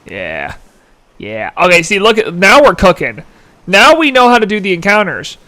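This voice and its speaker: A man's voice: high voice, huge pitch swings, normal speed, bright, forceful tone. A man in his twenties streaming a game live, chatting casually, giggling and answering chat aloud. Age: 20s. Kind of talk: casual gameplay commentary.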